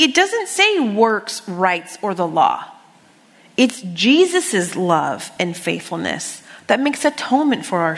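A middle-aged woman teaching a women's Bible study, preaching in a lively, conversational way with humor and quoted scripture. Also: medium pitch. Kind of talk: sermon. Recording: long hall reverb.

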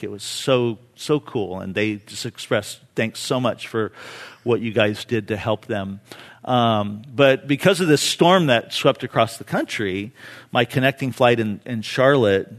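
A man preaching a sermon with personal stories, impassioned, swinging from hushed to loud and pleading. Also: medium pitch. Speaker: pastor.

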